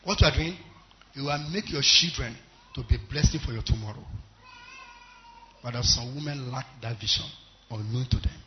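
A man preaching a sermon with a Nigerian English accent, swinging between loud exhortation and quiet storytelling, in a church service. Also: mid-range voice, normal speed, long pauses, a little hiss or hum. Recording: muffled recording.

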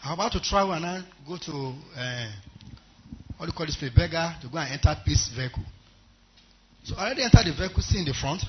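Emphatic Nigerian pastor with a lo-fi sound. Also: male voice, fairly high pitch, background noise. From Yoruba area of Nigeria. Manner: emphatic storytelling, swings from quiet to loud exclamations. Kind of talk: sermon testimony.

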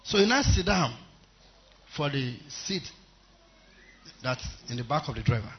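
A Nigerian man from the Yoruba area, a pastor giving a sermon testimony in emphatic storytelling that swings from quiet asides to loud exclamations. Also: mid-range voice, sing-song, measured pace, highs cut off, a little hiss or hum.

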